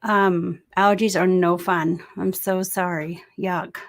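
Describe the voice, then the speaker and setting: Speaking into a desk mic, this livestream host has a sore throat that leaves her voice gravelly, fairly low and flat in pitch as she takes things slowly. She chats casually and welcomes viewers by reading out their comments.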